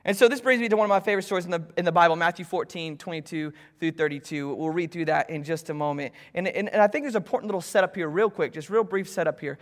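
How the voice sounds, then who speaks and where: Man, pastor, sermon, high voice, animated asides, reverberant church hall. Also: quick pace, hardly any pauses. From Florida, US. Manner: animated, jokey asides to congregation. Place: church stage, large hall.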